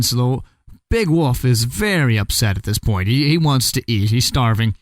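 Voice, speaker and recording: A man's voice: medium pitch, lively intonation, normal speed, no echo. Chatty man telling a comic fairy tale. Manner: chatty, joking asides. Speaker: storyteller. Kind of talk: casual comic storytelling.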